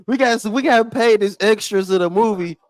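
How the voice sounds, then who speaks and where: A man hosting a casual livestream chat, excitable and profane, jumping between loud outbursts and low muttering, and stumbling when he reads aloud. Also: a little fast, no room sound, rough recording. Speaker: livestream host.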